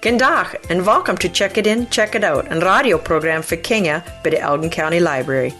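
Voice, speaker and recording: A woman who works at a library, giving a plain, measured radio announcement. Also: fairly low pitch, a bit bright, faint music behind. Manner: plain, measured, reads out details. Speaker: library staff member.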